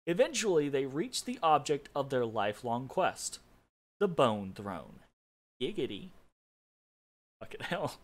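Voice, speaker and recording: A man's voice: mid-range voice, very animated, slow, long pauses. A man hosting a casual game playthrough, reading an in-game story aloud with amused asides and laughter. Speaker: let's play host.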